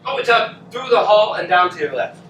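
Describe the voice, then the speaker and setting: An actor playing a sarcastic, bitter middle-aged husband in a live stage play. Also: male voice, high-pitched, animated, fairly quick. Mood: sardonic. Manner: dry, sarcastic. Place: theatre stage. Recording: roomy stage audio from far off with noise.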